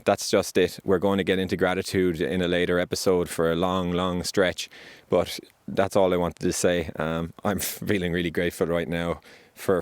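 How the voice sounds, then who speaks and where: A man hosting a vlog, speaking gently and earnestly about gratitude and acceptance while out on a hike. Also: low-pitched, smooth, dry recording. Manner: gentle, earnest, spiritual, unhurried with pauses. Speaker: podcast host sharing his survival story. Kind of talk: reflective spoken vlog on a hike. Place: outdoors on a hillside.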